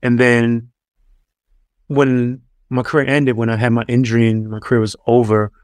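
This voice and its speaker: A man's voice: mid-range voice, level tone, moderate pace, smooth, no room sound. A man, a former pro athlete, telling stories in a loose, casual interview style full of fillers and restarts. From New York. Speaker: guest, former pro basketball player.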